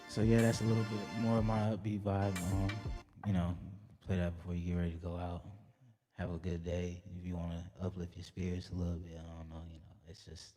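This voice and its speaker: A man's voice: low voice, completely flat delivery, fairly quick, over music. A young man, a rapper guest, chatting casually in an interview, laid-back and rambling with lots of fillers. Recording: long hall reverb.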